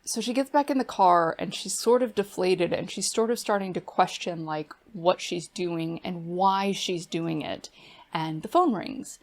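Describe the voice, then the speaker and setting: A woman's voice: lowish voice, unhurried. A woman book reviewer giving a casual, chatty plot recap full of fillers. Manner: chatty, filler-heavy retelling.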